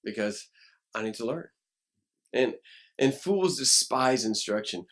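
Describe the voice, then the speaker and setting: A pastor preaching a lively sermon, acting out quoted voices and now and then rising to a shout. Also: male voice, medium pitch, unhurried, pauses often. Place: church.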